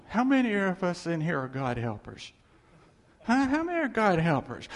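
A man's voice: sits high, wildly swooping pitch, moderate pace, big-room sound. A man preaching a sermon in an earnest, conversational way, often repeating phrases for emphasis.

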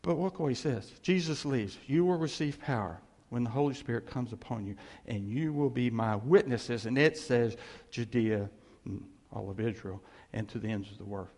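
A man's voice: mid-range voice, normal speed. A man preaching a conversational sermon as pastor, acting out voices as he tells it. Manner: animated, conversational, acts out quoted voices. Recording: long reverb of a hall.

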